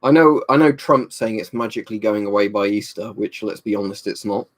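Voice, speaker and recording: A young man talks through a relaxed live stream from his room at home, his voice sitting a little low. He rambles from one viewer's comment to the next, full of "um" and "you know". He is a touch tipsy from a drink. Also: brisk. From United Kingdom. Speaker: livestream host.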